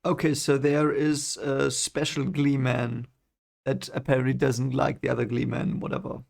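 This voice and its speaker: A man's voice: mid-range voice, level tone, normal speed, vocal fry, a little mellow. A man reading a novel for the first time and reacting in a chatty, casual way, laughing often. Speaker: book reader reacting to a novel.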